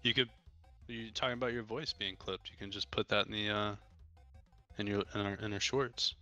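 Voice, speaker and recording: A man's voice: fairly low pitch, steady tone, normal speed, bright, forceful tone, soft background music. A man co-hosting a casual discussion show, talking in an agreeable, upbeat, direct way. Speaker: podcast co-host. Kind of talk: casual chat.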